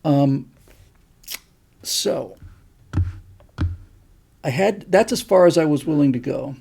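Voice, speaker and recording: A middle-aged man hosts a casual livestream and rambles enthusiastically through viewer comments. His voice is husky and gravelly, with a dark tone. He sits a little higher in pitch than most men. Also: lively intonation, takes it slowly. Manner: rambling and enthusiastic, with many fillers. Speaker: host.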